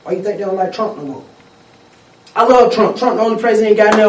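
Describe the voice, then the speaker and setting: A man in casual chat, ranting in a lively, profane way with street slang. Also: high voice, fast talker, a little hiss or hum. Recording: echoey room, mic at a distance.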